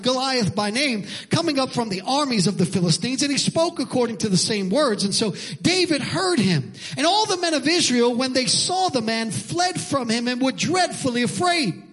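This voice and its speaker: A man preaching a sermon, telling a personal story with animated emphasis before turning to scripture. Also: very high voice, breathy edge. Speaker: pastor.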